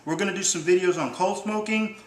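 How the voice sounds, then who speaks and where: A man, hosting a casual cooking demonstration in a kitchen, talking in a relaxed, folksy, plain-spoken way. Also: high voice, a little fast. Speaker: company host demonstrating cooking. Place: indoor kitchen. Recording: roomy kitchen echo.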